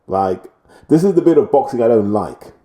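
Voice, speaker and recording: A man's voice: mid-range voice, animated, normal speed, warm tone. A man giving blunt, opinionated boxing commentary in a rambling vlog style.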